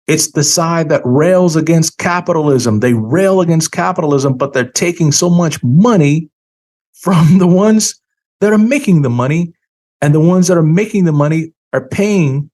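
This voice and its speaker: Speaking a little high with a darkish tone, a finance-channel host gives an opinionated solo talk. He comes across as a bit tired, emphatically stretching out the words he wants to hit.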